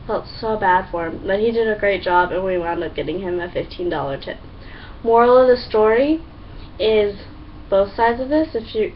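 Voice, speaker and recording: A young woman talking to camera in a casual, excitable, chatty way, full of fillers and acted-out quotes. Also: medium pitch, distant mic. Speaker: vlogger. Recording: dull lo-fi sound, a bit off-mic, faint hum.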